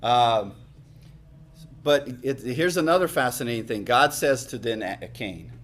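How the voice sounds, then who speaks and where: A middle-aged man preaching a sermon in a conversational way, repeating key lines for emphasis and dropping to quiet asides. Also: mid-range voice, animated, a little slow, a little hiss or hum. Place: church hall.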